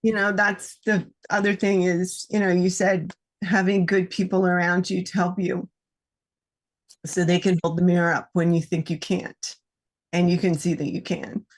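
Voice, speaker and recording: A woman calling in, sharing a personal story in an emotional, halting way with many fillers. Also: lowish voice, little pitch movement. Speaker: caller. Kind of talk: casual chat.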